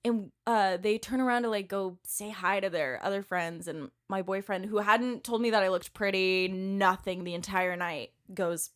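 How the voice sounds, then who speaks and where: A young woman in her twenties is a guest on a chatty podcast, telling a story with lots of swearing and laughter. Her voice is bright and forceful, and she slips into the voices of the people she quotes. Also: medium pitch, normal speed, hardly any pauses. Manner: animated, swears a lot, laughs often, acts out quotes. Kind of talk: casual chat, storytelling.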